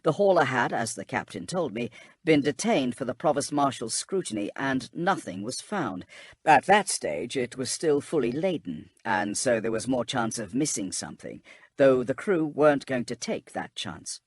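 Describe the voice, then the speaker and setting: A grave, secretive inquisitor, as a male narrator plays him, speaking in a husky, measured way. His delivery rises and falls as he reasons things out, recorded dry and close for an audiobook. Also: medium pitch, lively intonation, dry recording. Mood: explaining.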